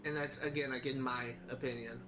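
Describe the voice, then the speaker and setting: A man's voice: mid-range voice, level tone, brisk, noisy background. A man streaming a video game, chatting casually in a rambling, hesitant way with many fillers and restarts. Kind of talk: casual commentary while gaming.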